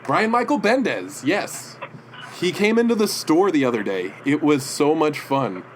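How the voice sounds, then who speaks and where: A man's voice: on the high side, sing-song, slight background noise, low-quality recording. Rambling man telling comic-shop stories. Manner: rambling, halting storyteller. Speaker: podcast co-host. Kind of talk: casual chat. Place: indoor room with comic prints.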